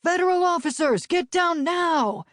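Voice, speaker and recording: A woman voicing a gruff male US marshal who talks in a curt, impatient way. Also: mid-range voice, expressive, normal speed, no room sound, studio quality, lightly acted. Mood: commanding.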